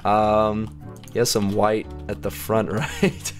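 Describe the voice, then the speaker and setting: A man's voice: on the low side, little pitch movement, slow, faint music behind. A man giving casual gameplay commentary as a video host, chatty and self-mocking, laughing often as he goes. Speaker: gaming YouTuber.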